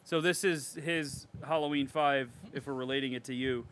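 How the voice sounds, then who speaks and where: A man co-hosting a horror podcast, reading reviews aloud with animated, sarcastic commentary and frequent swearing. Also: medium pitch, normal speed. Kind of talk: casual podcast chat.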